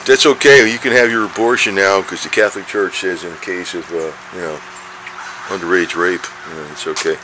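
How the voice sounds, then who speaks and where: A vlogger with a fairly low voice chats casually while filming cats on a handheld camera outdoors near some steps, chuckling between comments and switching to a high, coaxing tone for the cats. His delivery is brisk, pushed and bright with fairly even intonation. Birds and traffic are clearly audible in the noisy background.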